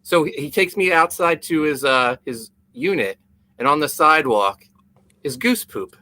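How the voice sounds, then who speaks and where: A man's voice: a little high, lively intonation, moderate pace, sharp tone, dry recording. A man co-hosting a casual comedy podcast, telling stories in a rambling way that stumbles over and repeats words. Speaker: podcast co-host.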